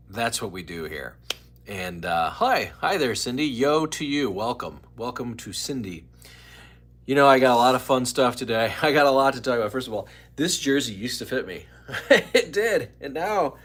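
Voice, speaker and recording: A man's voice: mid-range voice, fairly bright tone. Rambling, chatty man hosting a live stream. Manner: rambling, chatty, greets viewers by name. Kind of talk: casual live stream chat.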